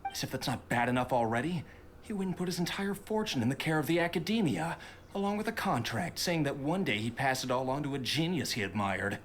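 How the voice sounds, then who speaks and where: An actor playing a bitter, resentful son in a game who talks coldly and grudgingly. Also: male voice, medium pitch, expressive, a little fast, slight background noise, close to an everyday voice. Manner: cold, grudging.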